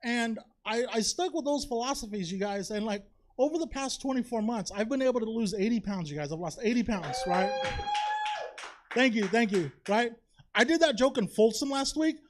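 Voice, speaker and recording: High-voiced man doing stand-up. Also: animated, normal speed, a little hiss or hum. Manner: chatty, confessional, keeps asking "you know? right?". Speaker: stand-up comedian. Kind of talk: stand-up set. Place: comedy theater stage.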